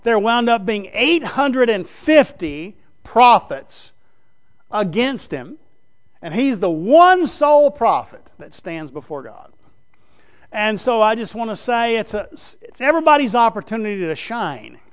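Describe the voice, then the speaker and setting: A man preaching a sermon as pastor, swinging between loud emphatic lines and low, quiet earnest talk. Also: very animated, unhurried.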